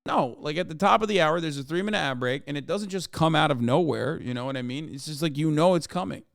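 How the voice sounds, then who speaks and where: A man's voice: medium pitch, smooth, dry recording, studio quality. Profane, sarcastic male streamer. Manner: profane, fast, sarcastic ranting. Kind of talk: political commentary livestream.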